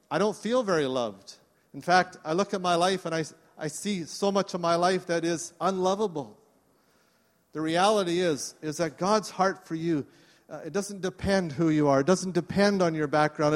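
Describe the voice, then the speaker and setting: A man preaching a sermon to his congregation, earnest and inviting them to respond. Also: fairly high pitch. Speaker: pastor. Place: church service. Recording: long reverb of a church hall.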